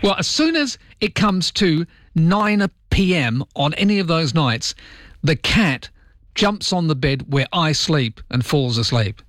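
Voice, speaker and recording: A man's voice: on the high side, lively intonation, unhurried, fairly bright tone, dry recording. A male radio host chatting casually on air, self-mocking and jokey, in a studio. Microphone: studio microphone.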